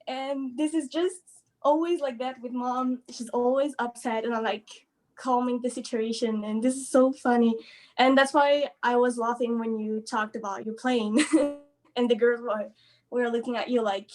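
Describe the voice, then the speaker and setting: Bright high-pitched woman telling a cheerful story on a video call, laughs a lot. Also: a little slow. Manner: cheerful, laughing often, animated. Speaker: caller sharing a story. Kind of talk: casual storytelling.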